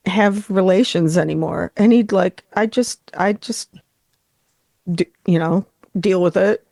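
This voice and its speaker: Woman, middle-aged, rambling chatty host, lively pitch, dry close sound. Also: measured pace, creaky, no echo. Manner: chatty, rambling, swears freely. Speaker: podcast host. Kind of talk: casual chat.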